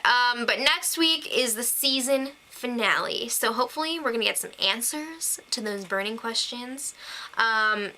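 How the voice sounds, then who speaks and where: A young woman chats through a TV episode recap, gushing and quick to laugh. Her voice sits a little high and sounds bright and crisp. She talks casually straight to her viewers. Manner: gushing, chatty, with laughs and fillers. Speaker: TV recap vlogger.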